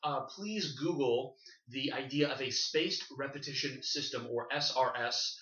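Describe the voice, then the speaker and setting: Bright-voiced Canadian man in a roomy room. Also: mid-range voice, measured pace. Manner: rambling, enthusiastic, many fillers and restarts. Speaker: podcast co-host. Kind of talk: casual panel chat. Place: shared room. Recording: roomy, distant, dull lo-fi sound.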